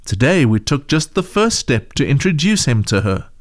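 A man voicing a gentle, patient churchgoing mother in a storybook reading, calm and encouraging. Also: mid-range voice, moderate pace, no room sound, studio quality, natural voice.

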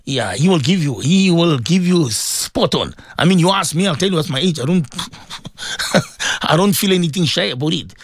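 Lively radio host, man. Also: a little high, normal speed, husky, no echo, clean studio sound. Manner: chatty and rambling, greeting listeners by name. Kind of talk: casual call-in radio chat.

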